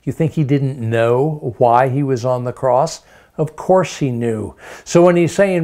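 This sermon comes from a man with a mellow voice at an ordinary male pitch, speaking slowly. He preaches emphatically, stacking up rhetorical questions and repeating words for emphasis.

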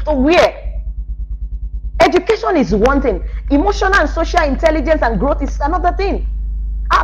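A woman's voice: high voice, rough recording. A woman giving a spoken parenting lesson as a coach, talking directly to parents in a scolding yet reassuring way and laughing often.

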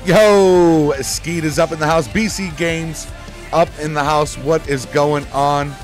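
A man chatting casually with viewers while he streams a racing game, excitable and prone to sudden shouts into his desk microphone. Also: fairly high pitch, slow pace, soft background music. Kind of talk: casual live-stream chat.

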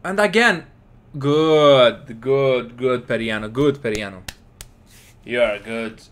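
A man with casually commentating his football game, excitable and scolding his players. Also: medium pitch, a little slow. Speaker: gaming commentator.

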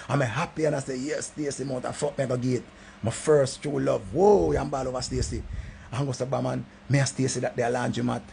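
A middle-aged man with a Jamaican accent, telling a rambling comic story in a voice that swings from low mutters to loud outbursts. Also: little pitch movement, fast talker, vocal fry, a little hiss or hum. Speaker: comedic storyteller.

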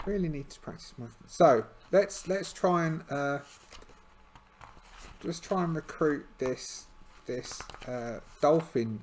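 A man's voice: on the high side, slow pace, slight background noise. A tired man narrating a solo tabletop game, hesitant and full of fillers and restarts.

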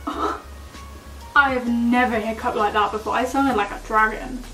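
A woman's voice: a little high, unhurried. Giggly young woman, airy echoey room. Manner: chatty, giggly and excitable. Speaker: makeup vlogger. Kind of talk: casual makeup vlog chat. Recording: roomy, distant mic with background music.

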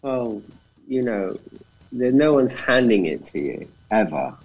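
A man's voice: medium pitch, a little slow, rough recording. A British man, a film director, telling stories in a casual conversation and acting out the quotes. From Britain. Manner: animated storyteller, acts out quotes.

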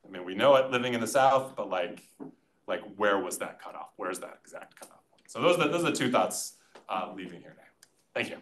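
A man's voice: fairly low pitch, lively intonation, fairly quick, slight background noise. A man acting as conference discussant, giving casual, rambling academic comments full of fillers and self-deprecating asides. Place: conference session room.

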